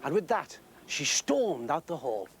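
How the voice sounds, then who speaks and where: A man narrating a comic story in a lively, sing-song way. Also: fairly high pitch, a little slow, slight background noise.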